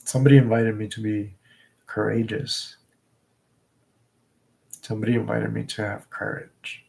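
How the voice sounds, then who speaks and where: A man's voice: fairly low pitch, level tone, creaky, a little mellow. A man vlogging live in a casual, reflective way, often stopping and restarting his sentences. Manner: halting and reflective, with frequent restarts.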